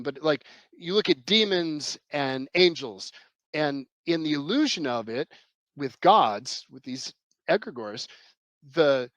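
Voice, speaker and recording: A man's voice: fairly high pitch, fairly bright tone, no echo, low-quality recording. A man explaining his ideas as a podcast guest, in a rambling, emphatic way with many restarts. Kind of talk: conversational explanation.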